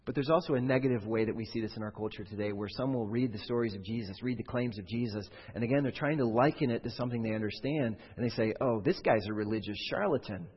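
A man delivers a sermon in a relaxed, conversational way, explaining through rhetorical questions. His voice has a slight husk, and it sits at a middle pitch. The recording is a little dull and carries a long reverb from a church hall. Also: fast talker, few pauses, slightly rough. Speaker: pastor.

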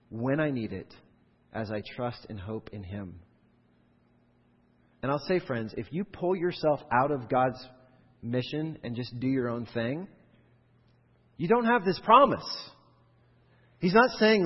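A man preaching a sermon with a slightly husky voice, moving between plain reading of the text and animated bursts where he acts out quoted voices. The sound is dull and lo-fi, with a long reverb tail from a large hall. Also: moderate pace, pauses often. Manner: animated preaching, acts out voices and rises sharply in pitch and volume. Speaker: pastor.

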